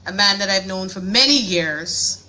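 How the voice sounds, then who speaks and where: A woman emcee speaks into a microphone with a bright, crisp voice at an ordinary pitch. She introduces the next speaker playfully, laughing easily and praising him. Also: animated, measured pace. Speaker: master of ceremonies. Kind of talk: event introduction. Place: event hall before an audience.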